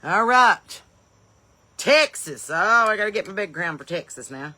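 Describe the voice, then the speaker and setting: A woman's voice: medium pitch, animated, measured pace, pushed and bright. A woman comedian hosting a live stream from her home porch in the evening. She greets viewers in folksy, upbeat bursts and wanders off into rambling asides.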